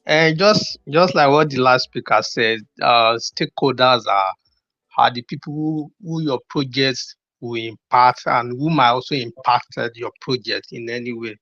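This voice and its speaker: A man's voice: mid-range voice, moderate pace, pushed and bright, dry recording. A man student answering in an online class over a video call, repeating words as he thinks. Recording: dry, dull lo-fi call audio.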